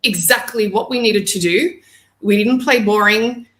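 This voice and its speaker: A woman, a podcast guest, talking football with enthusiasm in long, excited stretches. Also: mid-range voice, normal speed, echoey room. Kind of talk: casual football chat.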